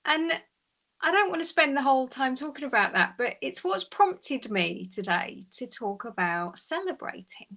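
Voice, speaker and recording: A woman's voice: high voice, very animated, moderate pace, pushed and bright. A middle-aged English woman from the UK hosts a casual live chat, speaking in a chatty, encouraging way and putting questions to her viewers.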